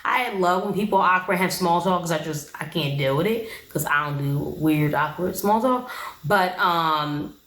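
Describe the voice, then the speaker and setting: A woman's voice: fairly low pitch, normal speed, a bit bright, echoey room, low-quality recording. A young woman giving a casual, opinionated recap of a reality show in a slangy, chatty way.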